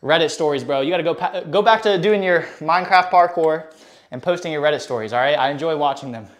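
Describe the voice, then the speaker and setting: Breathless high-voiced young man streaming. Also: fast talker. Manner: hyped, casual bro talk to chat. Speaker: fitness streamer. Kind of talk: live workout stream chat.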